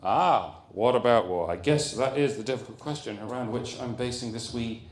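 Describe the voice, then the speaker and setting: A man giving a comic lecture at a conference, animated and jokey with rambling asides. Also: mid-range voice, moderate pace. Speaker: comedian giving a conference talk. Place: conference hall. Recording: roomy hall echo.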